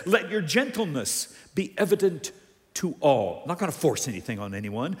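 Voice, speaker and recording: A man delivering a sermon as pastor, his voice sitting somewhat high. He talks with lively, swooping intonation, dropping soft and then pressing hard. The sound rings with long reverb from a church hall. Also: normal speed. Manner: animated, shifts between soft and emphatic.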